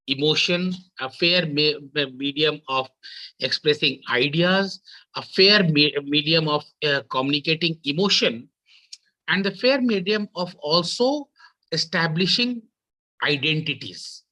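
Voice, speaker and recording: A man gives an academic talk as a conference panelist over a video call, halting often and repeating words as he restarts his sentences. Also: on the high side, sharp tone, poor audio. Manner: halting, with frequent repetitions and restarts.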